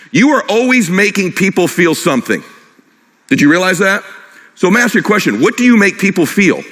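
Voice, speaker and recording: Male keynote speaker, bright forceful tone, quick punchy delivery, long hall reverb. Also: high-pitched. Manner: fast, punchy, jokes with the crowd. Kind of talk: energetic motivational speech. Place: large hall with live audience.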